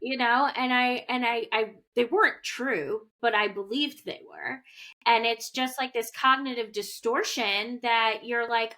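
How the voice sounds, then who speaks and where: A woman's voice: on the high side, moderate pace. A woman co-hosting a podcast in casual spiritual chat, reflective and supportive, filling her talk with "like". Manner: reflective, peppers speech with "like"; supportive, asks gentle questions. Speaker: podcast co-host.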